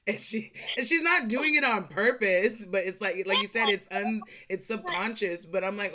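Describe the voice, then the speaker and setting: A woman hosting a podcast over a video call, chatty and excitable, laughing often as she talks. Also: mid-range voice, moderate pace. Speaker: podcast host. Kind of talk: casual interview chat.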